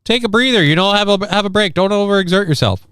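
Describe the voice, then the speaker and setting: A man putting on an exaggerated Canadian accent, playing a folksy guy who keeps calling people bud in a singsong, pitched-up way. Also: quick pace, fairly bright tone, clean tone, no echo, clean studio sound. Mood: chummy. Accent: put-on Canadian.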